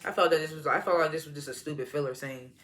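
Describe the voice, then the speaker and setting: Brief: man, TV episode reviewer, casual slangy recap, fairly high and forceful voice, profane, laughs a lot. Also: fast. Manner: slangy, profane, laughs often while recounting scenes.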